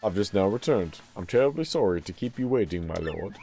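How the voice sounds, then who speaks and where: A man's voice: lowish voice, animated, fairly quick, creaky, dark tone, soft background music, voice pushed down. A man voicing an old female turtle witch who serves her king, fawning and overly polite. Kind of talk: voicing game dialogue during a playthrough.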